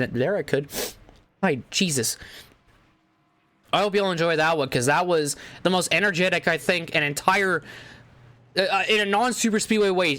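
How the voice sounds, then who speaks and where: Hoarse, excitable male race commentator. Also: on the high side. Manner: excitable, repeats exclamations. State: hoarse, losing his voice. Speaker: race commentator and channel host. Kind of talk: play-by-play race commentary and recap.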